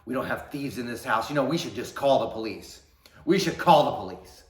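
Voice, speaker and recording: A man voicing a furious, strict mother who scolds her child in a shrill voice. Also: moderate pace, fairly bright tone, lightly acted. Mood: scolding. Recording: roomy echo.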